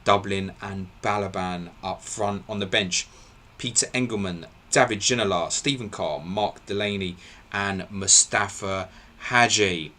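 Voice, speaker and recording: A man hosting a live football podcast, briskly reeling off team line-ups and laughing at his own slips. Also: on the low side, steady tone, bright, forceful tone. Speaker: podcast host.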